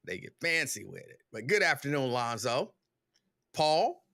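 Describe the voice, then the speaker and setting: Lively, bright-voiced man hosting. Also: medium pitch, a little slow, gravelly, no room sound, clean studio sound. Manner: relaxed, chatty, repeats greetings. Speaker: livestream talk show host. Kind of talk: casual livestream greetings.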